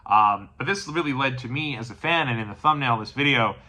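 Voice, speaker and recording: A man in his thirties hosting a wrestling channel, telling a personal story in a casual, animated way, acting out quotes and dropping to quiet asides. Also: medium pitch, fairly quick.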